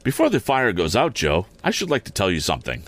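A man's voice: lowish voice, wildly swooping pitch, fast, a bit bright, no echo, heavily acted. A man voicing a timid, ashamed young boy who talks in a pleading, hesitant way. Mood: anxious, pleading.

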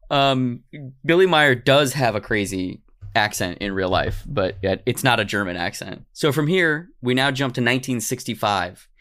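A man's voice: medium pitch, animated, normal speed, a bit bright. A man co-hosting a podcast, chatting casually and joking about the topic. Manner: playful, slips into joking silly voices. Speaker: podcast co-host. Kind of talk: casual comedic podcast chat.

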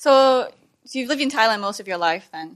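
A woman's voice: medium pitch, expressive, fast, a bit bright. A young woman in a casual chat, curious and asking follow-up questions.

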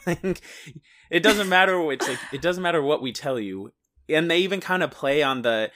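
A man's voice: fairly high pitch, normal speed, a bit bright. A man in casual conversation about a film, conversational, acting out quotes with sudden bursts of energy.

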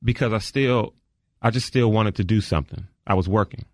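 Male trial witness, very low pitch, terse and deferential, dry recording. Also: a little fast, no room sound. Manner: terse, deferential "yes, ma'am" answers. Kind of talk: courtroom testimony.

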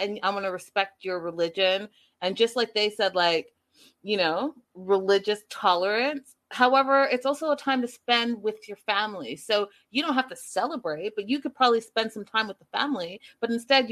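A woman hosting a casual live show, recapping a reality series and reading out viewer comments in a chatty, expressive way. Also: medium pitch.

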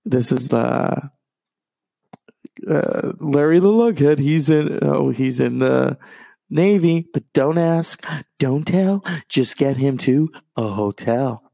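A man chats loosely about films on his stream, wandering off on tangents, swearing freely and correcting himself mid-sentence. His voice has a gravelly, fry-heavy edge. The sound is dry and close, with no room echo. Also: medium pitch, expressive, slow pace, mellow. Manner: rambling, profane, self-interrupting movie talk. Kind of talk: casual chat.

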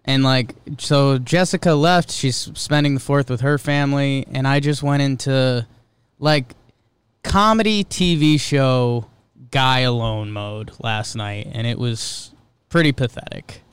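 A man, co-hosting a podcast in relaxed, joking chat. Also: mid-range voice, a little slow, clear, resonant tone, no room sound. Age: 30s. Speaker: podcast co-host. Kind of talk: casual chat.

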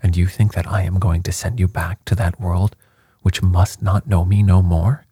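A man reading the part of a stern, commanding sea captain in a cold, measured manner, in an audiobook. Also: low-pitched, little pitch movement, warm tone, husky, no room sound, studio quality. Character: stern, commanding middle-aged male submarine captain.

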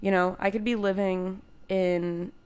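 A woman's voice: mid-range voice, little pitch movement, unhurried, darkish tone, clean tone. A young woman hosting a casual self-help podcast, chatty and encouraging, full of "like" and "you know," speaking straight to her listeners. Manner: encouraging, direct address to listeners. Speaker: podcast host; cycling instructor.

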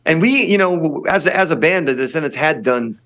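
A man's voice: on the high side, expressive, brisk, fairly bright tone. An older man, a punk singer, chatting casually as a guest, rambling with many restarts. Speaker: lead singer of a punk band, podcast guest. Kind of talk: casual interview chat.

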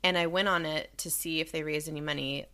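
A woman's voice: deep voice, steady tone, fast talker, sharp tone, smooth. A young woman co-hosting a podcast, chatting casually and indignantly, swearing often and using many fillers. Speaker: podcast co-host. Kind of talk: casual chat.

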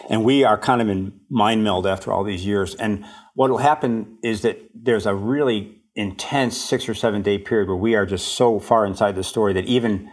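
Male writer guest, low-pitched, musing and self-deprecating, casual interview talk. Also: moderate pace, hardly any pauses. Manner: reflective, self-deprecating, laughs often. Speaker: author and podcast guest.

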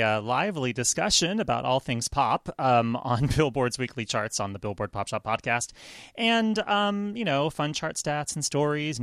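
Chatty podcast host man, lively pitch. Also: dry recording, studio quality. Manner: chatty, filler-heavy. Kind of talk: casual chat. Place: remote, on a call line.

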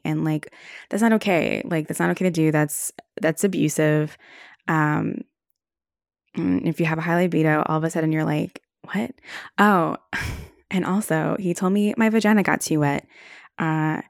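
In a casual monologue, a young woman podcast host talks frankly, swears freely and peppers her speech with "like." Her deep, gravelly voice is captured in a dry, studio-quality recording.

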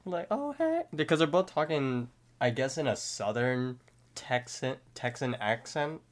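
A man with a smooth, resonant voice co-hosting a podcast and recapping a cartoon episode. He walks through each scene in order with steady, detailed narration. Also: medium pitch, a little slow. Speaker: podcast co-host.

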